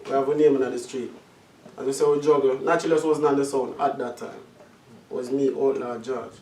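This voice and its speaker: A man's voice: mid-range voice, fairly even intonation, fairly quick, darkish tone, echoey room, recorded from a distance, a little hiss or hum. A man who works as a sound system selector, telling stories in a casual interview chat, patois-tinged and laughing often.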